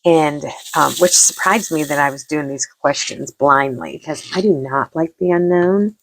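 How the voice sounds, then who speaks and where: A middle-aged woman hosts a casual crafting chat in a low voice with a gravelly edge. She talks slowly and rambles, circling back to repeat herself. She pokes fun at herself as she goes. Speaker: vlog host.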